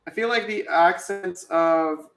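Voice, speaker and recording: Streamer man, high pitch, bright tone, roomy sound; playful casual chat while drawing. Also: unhurried, creaky. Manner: chatty, playful, talks to chat. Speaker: streamer and artist.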